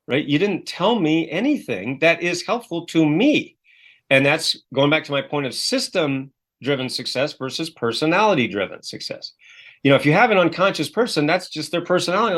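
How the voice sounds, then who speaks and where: A man who is a self-help author and coach, a lively storyteller who acts out the voices he quotes, speaking as a guest in a podcast interview. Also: a little high.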